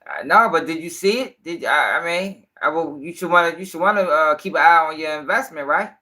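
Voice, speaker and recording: A man's voice: on the high side, animated, fairly quick, pushed and bright. A young man giving rambling, profane casual commentary on a livestream.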